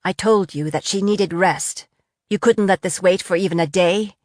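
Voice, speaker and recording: Woman voicing a quietly steely male healer. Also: fairly low pitch, normal speed, no echo, clean studio sound, close to an everyday voice. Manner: quiet, controlled anger.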